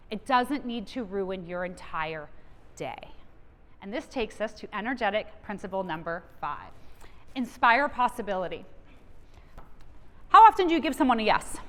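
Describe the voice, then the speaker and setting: A woman's voice: medium pitch, sing-song, normal speed, pauses often. A woman giving a motivational keynote from a stage, coaching her audience directly with energy. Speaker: keynote speaker. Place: large event hall. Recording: long reverb of a large hall.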